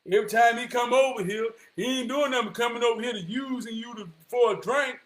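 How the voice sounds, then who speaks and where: A man delivering an impassioned motivational monologue, preaching his point and often rising to a shout. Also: extremely high pitch, a little fast. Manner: preachy, repeats "I promise you", rises to shouting. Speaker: vlogger giving life advice.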